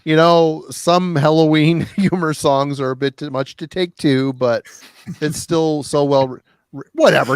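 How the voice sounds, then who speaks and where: A fairly high, smooth male voice, recorded close and dry, talks loosely about music as a podcast host. He rambles, jokes at his own expense and laughs easily. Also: unhurried, dry recording. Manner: laughing, self-deprecating and rambling. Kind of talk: casual chat.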